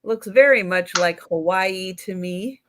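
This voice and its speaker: A woman's voice: medium pitch, fairly bright tone, poor audio. A woman on a live vintage sale describing a painting she is selling. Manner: slow, explaining and correcting pronunciation. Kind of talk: showing items on a live sale.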